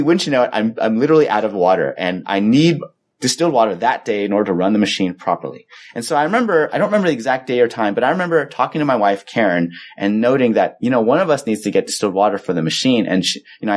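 A man preaching a sermon in a conversational, storytelling way, acting out the quoted exchanges. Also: medium pitch. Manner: conversational storytelling, animated when quoting himself. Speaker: pastor.

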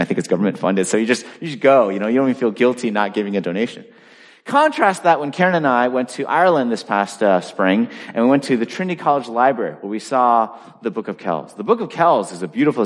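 A man preaching a sermon in a conversational style, full of asides and lively storytelling. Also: on the low side, in a large hall. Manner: animated, conversational, lots of asides. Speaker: pastor.

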